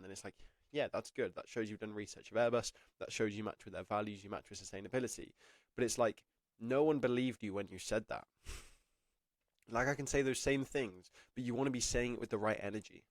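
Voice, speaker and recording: Speaking briskly in a lowish voice, a young man offers casual apprenticeship advice to camera. His talk wanders, is packed with "like," and is often self-conscious and punctuated by laughter. The sound is studio quality with no room sound.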